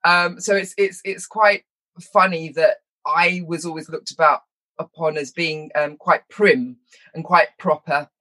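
A middle-aged woman telling stories from her childhood in an interview. She is lively and self-mocking, laughs often, and slips into quick impressions. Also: low voice. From London, England. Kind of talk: personal storytelling in conversation.

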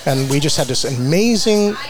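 A man's voice: moderate pace, over music. A middle-aged man from New Jersey, a guest telling stories in a casual interview, acting out quotes with big jumps in his voice. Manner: animated storyteller, acts out quotes with big pitch jumps. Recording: noisy room recording.

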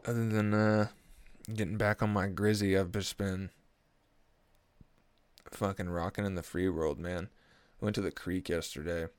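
Deep-voiced young man rambling. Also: smooth, no echo. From Oklahoma. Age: early 20s. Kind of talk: casual comedic monologue.

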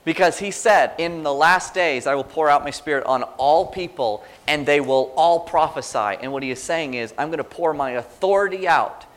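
A man's voice: on the high side, moderate pace, hardly any pauses. Conversational male preacher giving a sermon. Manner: conversational, animated preaching with quoted prayers.

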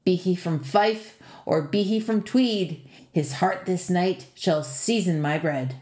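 Brief: woman reader doing a cruel riddling giant, slow menacing delivery, roomy sound. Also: fairly low pitch, a little mellow. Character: hungry three-headed male giant, riddling and cruel.

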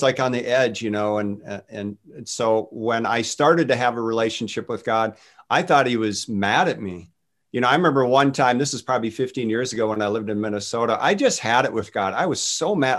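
Earnest middle-aged man telling his story. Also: medium pitch. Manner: earnest, personal storytelling with many restarts. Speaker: guest minister. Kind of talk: casual Christian talk.

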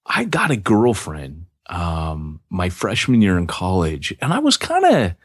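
A very low-voiced middle-aged man spins a rambling personal story on a podcast. His voice swings up and down with lively movement as he restarts his sentences. The sound is dry and close to the mic. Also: a little slow, no room sound. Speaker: podcast co-host. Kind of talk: casual storytelling.

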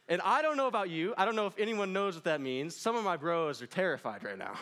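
A man's voice: high-pitched, expressive, fast talker, hardly any pauses, fairly bright tone. A young man preaching a casual, joking sermon in a church, laughing often between lines. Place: church in front of a crowd.

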